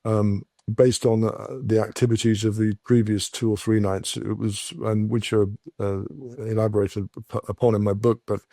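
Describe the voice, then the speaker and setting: Low, mellow English man telling stories. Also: flat delivery, dry recording, studio quality. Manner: halting, many restarts and fillers. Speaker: podcast guest. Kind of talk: casual storytelling.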